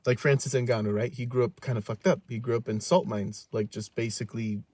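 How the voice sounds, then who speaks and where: A man's voice: mid-range voice, fairly even intonation, brisk, a little mellow, no room sound. A man in his twenties co-hosting a podcast, laid-back, acting out quoted lines in casual chat. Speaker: podcast co-host.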